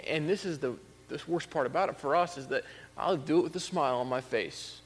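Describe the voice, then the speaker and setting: A pastor giving a conversational sermon that rises to emphatic peaks. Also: male voice, a little high, a little fast, in a large hall.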